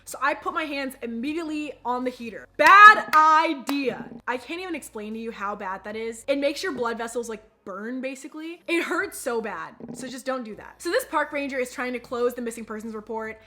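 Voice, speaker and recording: A young woman with a high, bright voice tells a story to her camera. She is chatty and animated and keeps turning to her viewers. It sounds like a casual vlog. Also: brisk, hardly any pauses. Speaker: vlogger.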